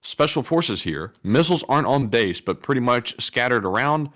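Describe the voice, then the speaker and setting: A man's voice: medium pitch, lively intonation, normal speed, fairly bright tone. A man co-hosting a casual livestream, reading donations aloud and dropping dry, laid-back jokes. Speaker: co-host and chat moderator.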